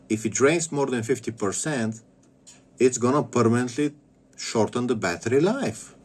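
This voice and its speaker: A man in his thirties from Bulgaria, ranting casually in a crude, rambling way with stammered repeats. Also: lowish voice. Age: 30s. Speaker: vlogger. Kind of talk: casual rant.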